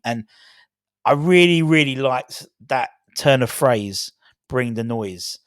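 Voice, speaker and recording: A middle-aged man chats on his own about his football club, rambling, restarting sentences and dropping in fillers as he goes. His voice sits in a middle pitch and the recording is close and very dry, with no room sound. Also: lively intonation, takes it slowly, dry recording. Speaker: fan channel host. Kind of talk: casual solo video chat.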